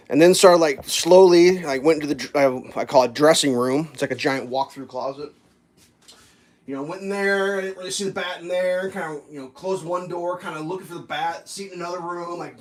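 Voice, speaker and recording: A vlogger with a fairly high male voice tells a rambling story over breakfast at home. He keeps it casual but grows animated as the story heats up, sometimes slipping into silly voices.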